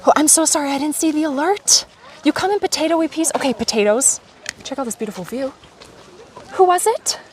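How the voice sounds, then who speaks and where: A woman livestreaming as she walks a lakeside trail outdoors, chatting to her viewers in a lively, animated way. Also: sits high, fast, recorded from a distance, a little hiss or hum. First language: Polish. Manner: chatty, animated, talking to chat while hiking. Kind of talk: casual live stream chat.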